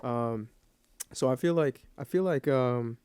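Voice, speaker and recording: A man's voice: mid-range voice, unhurried, darkish tone, smooth, no room sound. A man hosting a podcast interview, reflective and earnest as he talks about his faith. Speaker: podcast host. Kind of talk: interview conversation.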